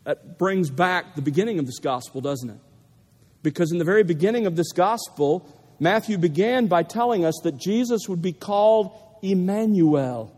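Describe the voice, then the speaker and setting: A man's voice: sits high, darkish tone. A man preaching a sermon to a gathering, speaking emphatically and leaning hard on repeated key phrases. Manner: emphatic, building to stressed repetitions. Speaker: pastor. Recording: long reverb of a large hall.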